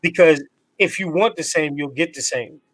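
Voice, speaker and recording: A man from New Jersey co-hosting a podcast, giving a laid-back, slangy motivational segment with drawn-out emphasis. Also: a little high, no room sound, rough recording. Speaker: podcast co-host. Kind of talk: casual chat and motivational segment.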